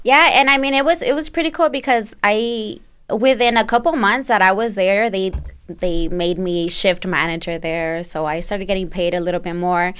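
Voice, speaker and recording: A woman's voice: medium pitch, normal speed, a bit bright, clear, resonant tone. A woman who owns a barbershop, a guest on a podcast, telling her story in a friendly, easygoing way. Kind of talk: casual podcast interview.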